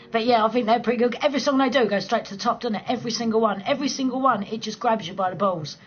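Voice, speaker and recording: A woman, hosting a late-night livestream chat from home. Her voice sits fairly high, and she swears, banters and laughs her way through. The stream audio is a little dull and lo-fi, with a faint hiss underneath. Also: fast. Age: 40s. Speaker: livestream host chatting with viewers.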